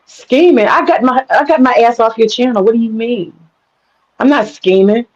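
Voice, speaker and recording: A woman's voice: on the high side, moderate pace. Insistent woman on lo-fi stream audio. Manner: insistent, repeats phrases for emphasis; mocking, crude slang. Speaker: guest caller on a live stream panel. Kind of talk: heated live stream argument.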